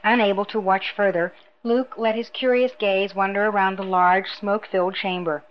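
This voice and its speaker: A woman's voice: medium pitch, steady tone, normal speed, a little hiss or hum. Woman narrating an audiobook, muffled sound. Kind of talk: scripted narration.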